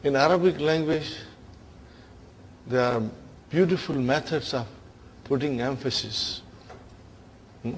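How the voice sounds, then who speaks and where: A man's voice: mid-range voice, slow pace, long pauses, a little hiss or hum. A man teaching Arabic grammar to a class, quizzing students and often checking in with "huh?" and "are you with me?". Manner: playful storytelling teacher. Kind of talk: classroom lesson.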